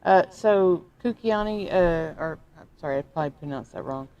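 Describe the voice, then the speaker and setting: A woman's voice: on the low side, moderate pace, warm tone, lo-fi sound. A woman co-hosting a casual livestream who giggles often. She reads out viewer comments in a loose, chatty way. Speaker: livestream co-host reading chat.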